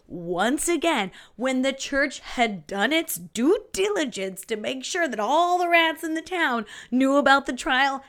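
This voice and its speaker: A woman hosts a podcast and tells a story in a relaxed, playful way. Her voice sits fairly high, and she takes her time with each phrase. She often breaks into laughter and drops to dramatic whispers. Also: unhurried, few pauses. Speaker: podcast host. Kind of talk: casual storytelling narration.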